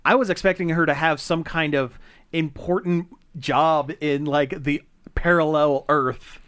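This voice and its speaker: A man co-hosting a laid-back pop-culture podcast, his voice sitting a little on the high side. He talks easily and backs up the others with quick yeahs and mm-hmms. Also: smooth. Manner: relaxed, agreeable, lots of quick yeahs and mm-hmms. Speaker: podcast co-host. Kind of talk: casual pop-culture chat.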